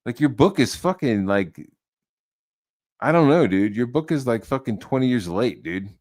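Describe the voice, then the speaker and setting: A man's voice: mid-range voice, animated, moderate pace, a little mellow. A man delivering a profane, heated rant as an online commentator, swearing freely and mocking his target.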